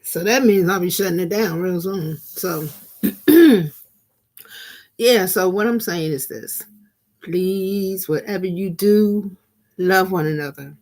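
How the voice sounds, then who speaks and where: Her voice is lowish and a little mellow, and this middle-aged vlog host and minister takes her time, pausing often during a casual live stream. The preaching is loose and repetitive, with phrases repeated for emphasis and occasional laughter at things.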